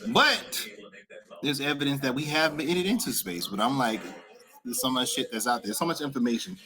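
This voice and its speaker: Man, video chat guest, animated storyteller, swearing, lively pitch. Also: normal speed, crowd noise. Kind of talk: casual chat.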